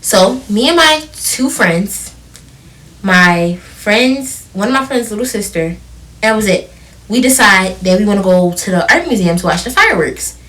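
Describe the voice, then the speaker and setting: In an unhurried, mid-range voice captured from a distance, a seventeen-year-old girl co-hosting a podcast tells animated stories. She laughs as she chats casually.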